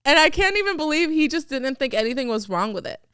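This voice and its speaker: A woman co-hosting a podcast, chatting casually and telling an animated story, laughing often. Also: high-pitched, fast, no room sound, clean studio sound. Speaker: podcast co-host. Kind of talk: casual chat.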